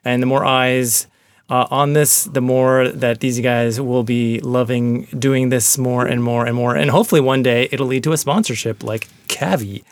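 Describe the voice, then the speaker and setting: A man's voice: mid-range voice, fairly even intonation, moderate pace, no echo. A man chatting casually as a guest on a podcast, laid-back and loose, with lots of filler words, over a remote call. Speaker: podcast guest and music producer. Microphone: remote call line.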